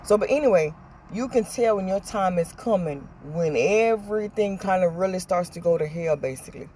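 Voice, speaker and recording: A woman with a Southern American accent, telling stories in a chatty, animated vlog and acting out what people said. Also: on the low side, moderate pace, slight background noise. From Southern United States. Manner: chatty, animated storytelling with acted-out quotes. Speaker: vlogger. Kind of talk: casual chat.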